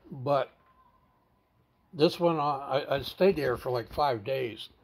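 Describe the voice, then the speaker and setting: A man with a gravelly, fry-edged voice tells his own story in an interview. He speaks bluntly and swears casually. He often stalls and repeats words while he recounts what happened. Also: medium pitch, takes it slowly, darkish tone. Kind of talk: candid personal storytelling.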